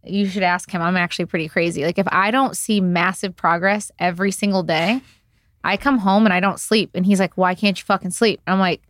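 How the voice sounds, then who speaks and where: A woman, an entrepreneur guest on a podcast, speaking in casual chat in an intense, candid way, often quick and swearing. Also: lowish voice, steady tone, a bit bright, dry recording.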